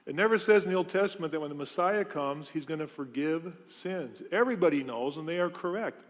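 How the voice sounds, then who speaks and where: A man's voice: on the high side, expressive, brisk, few pauses, long reverb tail. A man preaching a sermon in a church, telling stories in a conversational way and asking the congregation questions. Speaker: pastor. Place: church sanctuary.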